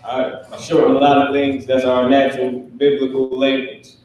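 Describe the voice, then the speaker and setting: A man's voice: mid-range voice, monotone, darkish tone, a little hiss or hum. Emphatic man lecturing in an echoey room. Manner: emphatic, repetitive, drawn-out examples. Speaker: teacher. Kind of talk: live online class lecture. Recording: echoey room, far from mic.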